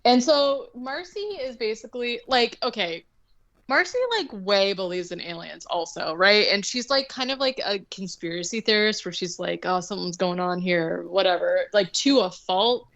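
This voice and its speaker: On a podcast she co-hosts, a woman loosely recaps a movie plot in a rambling summary crowded with filler words and restarts. Her mid-range voice is expressive and a bit bright, at a moderate pace, with lo-fi sound.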